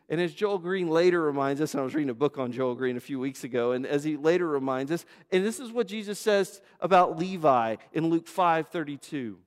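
With lively intonation and a slightly fast pace, a pastor in a mid-range voice preaches with few pauses. His sermon is emphatic and repetitive, heaping up phrases with conversational asides and rhetorical questions to the congregation, recorded amid a large hall's long reverb.

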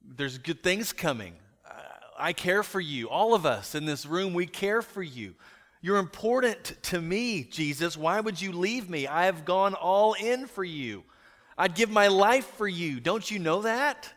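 A preacher acting out a devoted apostle, his voice climbing high and pushing louder as he pleads with raw feeling. The words ring out with a long hall reverb. It is a plain retelling inside a sermon, never a staged radio play. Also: expressive, unhurried. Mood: pleading. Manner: raised, emotional pleading. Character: earnest pleading male apostle, devoted, hurt.

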